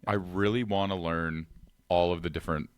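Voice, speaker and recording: Brief: deep male co-host, crude and joking, dry close sound. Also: steady tone, normal speed, clear, resonant tone, no room sound. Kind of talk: casual chat.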